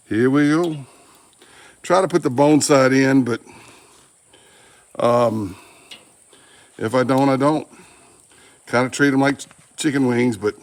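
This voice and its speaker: A man demonstrating barbecue at an outdoor grill, with folksy joking asides. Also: mid-range voice. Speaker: barbecue channel host. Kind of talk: casual cooking demonstration.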